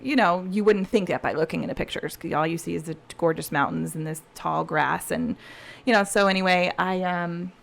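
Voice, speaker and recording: A woman wedding planner telling stories as a guest on a casual podcast, chatty and animated, often saying "you know". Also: fairly low pitch, fairly quick, vocal fry. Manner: animated, laughing storyteller.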